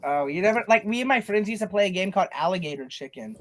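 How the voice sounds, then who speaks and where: A man's voice: high voice, quick pace, a little hiss or hum. Nonchalant Southern man telling tall tales. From Southern US, North Carolina. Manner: nonchalant, deadpan storytelling with laughs. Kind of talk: casual storytelling chat.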